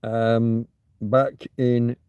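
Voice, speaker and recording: Slow, mellow-voiced man chatting. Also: mid-range voice, level tone, clear, resonant tone, no room sound. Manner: chatty, swears, muses aloud while reading. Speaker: livestream host. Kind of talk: rambling casual livestream chat. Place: home, Torrevieja.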